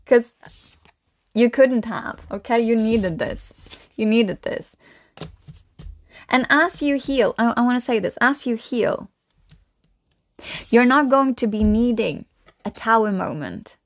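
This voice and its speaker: A young woman giving a casual spiritual tarot reading. She is chatty and rambling, with frequent laughs. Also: a little high. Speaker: tarot reader.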